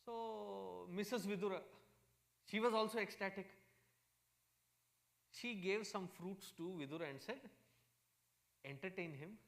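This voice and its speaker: A man with an Indian accent, a swami giving a satsang talk in a humorous, animated storytelling manner. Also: sits high, unhurried, vocal fry, long pauses. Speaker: swami, spiritual teacher.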